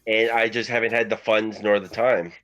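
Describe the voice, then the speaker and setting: A man from New York on a casual talk show panel, speaking in a low-key, reflective way. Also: steady tone, normal speed, a bit bright, dull audio. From Rochester, New York, United States. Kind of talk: casual chat.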